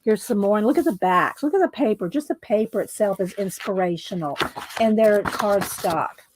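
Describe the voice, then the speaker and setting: A woman's voice: mid-range voice, lively intonation, moderate pace, darkish tone. A middle-aged woman chatting casually while showing her craft supplies, rambling with asides and fillers. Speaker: craft vlogger. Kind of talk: casual craft show-and-tell.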